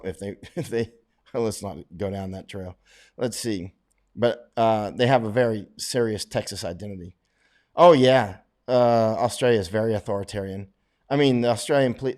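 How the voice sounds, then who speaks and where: A mid-range, somewhat mellow voice belongs to a middle-aged man from Florida in the United States. Fielding livestream viewer questions, he rambles casually, often laughing and restarting his thoughts.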